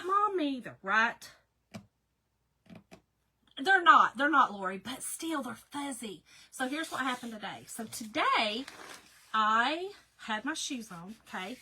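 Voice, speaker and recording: A woman's voice: a little high, bright, forceful tone, breathy edge, low-quality recording. A middle-aged woman, chatting casually with viewers while hosting a craft livestream. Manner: chatty, talks to viewers by name. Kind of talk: casual chat.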